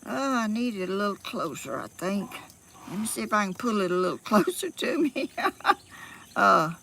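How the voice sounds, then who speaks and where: A woman's voice: mid-range voice, big pitch swings, moderate pace, vocal fry, fairly bright tone, slight background noise. A woman with a Southern US accent, rambling in a folksy way on a live stream from her phone outdoors, a little out of breath. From Georgia, US South. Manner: rambling and folksy, with frequent laughs and fillers. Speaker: vlogger.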